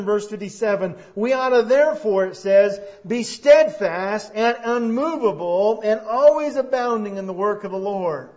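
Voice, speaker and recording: A high-pitched male pastor delivers a sermon, building from quiet, measured passages to forceful emphasis on key phrases. The recording sounds dull and lo-fi, as if taped in a church auditorium. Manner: prays softly, then preaches with rising emphasis. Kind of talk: sermon with opening prayer.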